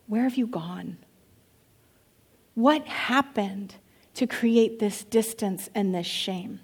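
A woman's voice: on the high side, slow, breathy edge. A woman pastor giving a sermon, reading scripture and breaking into conversational, playful asides.

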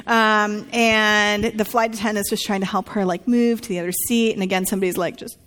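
A woman preaching to a congregation, telling a story with lively acted-out quotes. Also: medium pitch, brisk. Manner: animated storytelling, acts out quotes. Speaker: pastor. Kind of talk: sermon dialogue.

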